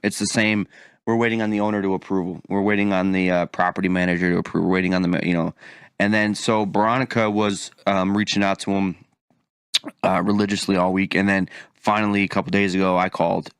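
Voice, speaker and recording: A man's voice: sits low, little pitch movement, fast talker, clean tone, no room sound, studio quality. A man co-hosting a podcast in casual chat, ranting animatedly and swearing freely. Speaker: podcast co-host.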